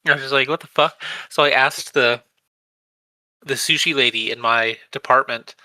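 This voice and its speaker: Bright-voiced man telling a story. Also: medium pitch, normal speed, no echo, low-quality recording. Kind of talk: casual storytelling chat.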